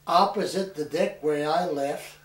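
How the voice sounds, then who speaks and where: A man in his eighties from New Hampshire, a war veteran telling his story in a plain, halting way with restarts. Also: on the high side, fairly bright tone. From New Hampshire, USA. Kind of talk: oral history recollection. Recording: echoey room, mic far off, some noise.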